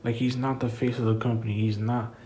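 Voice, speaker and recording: A man's voice: mid-range voice, level tone, fairly quick, mellow, slight background noise, low-quality recording. A man giving a casual, rambling wrestling review, frustrated and swearing freely. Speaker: wrestling commentator vlogger.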